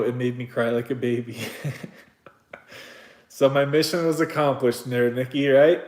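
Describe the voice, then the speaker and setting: A man's voice: medium pitch, darkish tone. A man hosting a casual live stream. He reads viewer comments aloud and talks candidly, swearing freely and often restarting his sentences. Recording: echoey room.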